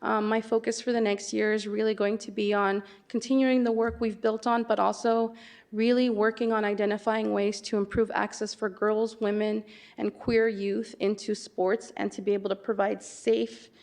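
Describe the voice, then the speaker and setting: A woman's voice: mid-range voice, flat delivery, moderate pace, darkish tone. A woman commissioner giving a hesitant report at a city meeting, full of fillers, into a podium microphone. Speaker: parks commissioner. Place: city council chamber.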